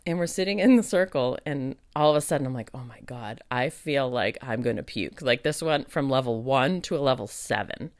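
Chatty host-medium, mid-range pitch, close dry sound, acts out own thoughts. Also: animated, fairly quick, hardly any pauses, no echo. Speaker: podcast host and psychic medium. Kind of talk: casual monologue.

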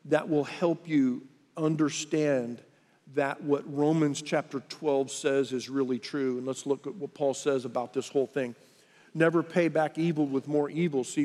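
Male pastor, sermon delivery, slightly higher voice, conversational, long hall reverb. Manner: conversational, with lively acted quotes.

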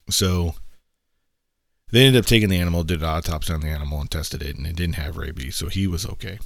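A man's voice: sits low, quick pace, gravelly, no room sound. A man in his thirties hosting a podcast, telling a story casually and acting out the voices in it. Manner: animated, acts out quoted voices, laughs while telling. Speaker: podcast host.

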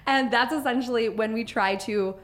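A woman in casual podcast chat, animated and swearing freely, acting out little quotes as she talks. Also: a little high, moderate pace.

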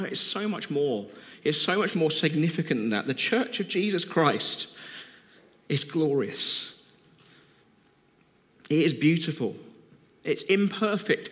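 A man's voice: mid-range voice, a bit bright. A man preaching a heartfelt sermon in an earnest way. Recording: long hall reverb.

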